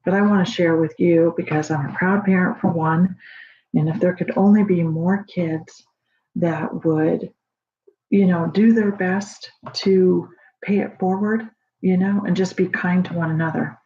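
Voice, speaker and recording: A mother in casual home video talk, rambling warmly with many fillers and restarts, proud of her daughter. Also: fairly low pitch, steady tone, measured pace. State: emotional, near tears at times. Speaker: proud mother sharing a story. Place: home at night. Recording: dull lo-fi home recording.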